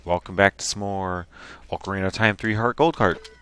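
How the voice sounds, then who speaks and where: A man hosting a video game playthrough at home, chatting casually with sudden excited yelps. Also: deep voice, brisk, clear, resonant tone, dry recording. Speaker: host.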